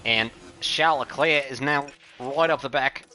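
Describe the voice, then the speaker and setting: A man streaming a racing game live, commentating casually and joking with quick asides. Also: medium pitch, sharp tone.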